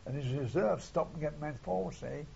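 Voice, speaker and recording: A man's voice: a little high, a little fast, gravelly, a little mellow, slight background noise. An older man recalling wartime events in an oral history interview, rambling and retelling old dialogue, often tagging "see?". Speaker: war veteran interviewee. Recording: dull lo-fi archive tape.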